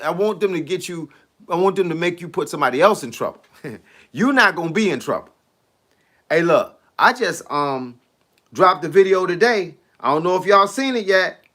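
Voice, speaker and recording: A man who coaches fitness and boxing, chatting casually on a live stream into a phone, animated and slangy, laughing often. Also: on the high side, moderate pace.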